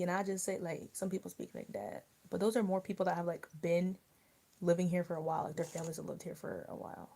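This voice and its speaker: A woman's voice: lowish voice, flat delivery, quick pace, creaky, warm tone. A young woman from Maryland chatting casually on a livestream, rambling with lots of fillers. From Maryland, USA. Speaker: livestream host.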